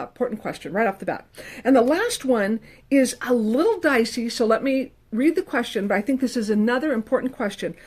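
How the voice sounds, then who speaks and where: A middle-aged woman counselor talking casually to the camera, animated and emphatic, with playful quoted asides. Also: a little high. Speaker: licensed professional counselor. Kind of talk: casual advice talk to camera.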